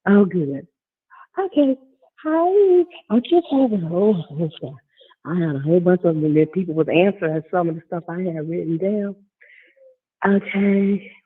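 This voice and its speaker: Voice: mid-range voice, moderate pace, husky. A caller on a phone line, asking questions in a hesitant, apologetic way. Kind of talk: phone call-in.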